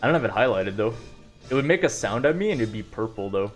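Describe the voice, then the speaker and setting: A man's voice: on the low side, expressive, fast talker, soft background music. A young man streaming, rambling casually through stories with lots of fillers and self-deprecating asides. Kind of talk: casual storytelling on a live stream.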